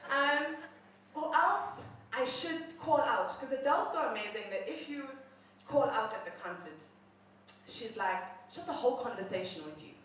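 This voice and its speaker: A young South African woman tells a comic personal story, animated and self-mocking, laughing as she talks. Her voice is a little high at normal speed, with slight background noise. The room is very echoey and the mic far off.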